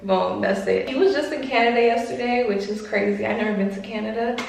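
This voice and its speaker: A woman's voice: a little high, a little fast, vocal fry, far from the mic. A young woman from Long Island, New York, speaks openly and casually to her camera, cursing now and then as she talks. She is recorded at home from a few steps back, so her voice rings in a strongly echoing room. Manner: chatty and candid, swears casually. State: pregnant. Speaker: vlogger. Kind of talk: casual confessional vlog. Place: room at home in front of a mirror. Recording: very echoey room, voice off-mic.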